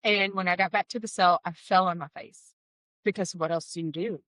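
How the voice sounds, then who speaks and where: A woman tells her life story in an interview, candid and heartfelt, slipping in wry asides. Her voice is bright and clear. The recording is close and dry, with no room sound. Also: lowish voice, steady tone, brisk, dry recording, poor audio. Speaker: guest sharing a personal testimony. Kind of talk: emotional personal storytelling.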